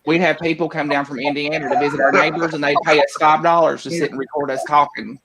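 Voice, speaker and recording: A man's voice: on the high side, level tone, fast talker, a loud crowd. A man with a Southern Appalachian accent telling stories in casual chat, often laughing and mimicking locals. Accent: Southern US, East Tennessee.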